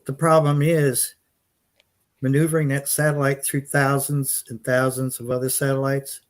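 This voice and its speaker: A man's voice: mid-range voice, little pitch movement, normal speed. An American man chatting casually on a livestream, explaining things at length with restarts. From United States. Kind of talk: casual chat.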